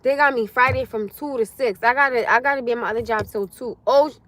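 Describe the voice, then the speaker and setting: A high-voiced young woman chatting to her viewers on a live stream. Her tone is bright and sharp, and she swears freely as she answers comments. Her talk is loose, animated and full of asides. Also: quick pace, no room sound. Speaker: livestream host. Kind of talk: casual livestream chat with viewers.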